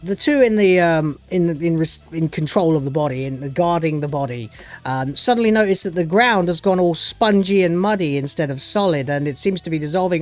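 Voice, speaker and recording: A show reviewer recaps a TV episode casually, sounding sarcastic and dismissive and rambling with plenty of fillers. His voice is a little high and fairly quick, with no echo.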